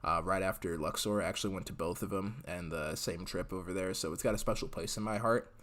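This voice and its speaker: A man's voice: sits low, fairly even intonation, fast talker, a bit bright. A young man casually hosting a live podcast, chatting and rambling with lots of fillers. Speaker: podcast host reading live chat. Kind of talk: casual live-stream chat.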